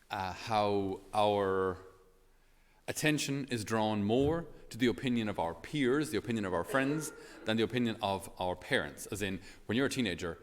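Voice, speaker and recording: Irish priest with a low voice. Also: male voice, in a large hall. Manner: conversational, storytelling with many fillers. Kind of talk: homily.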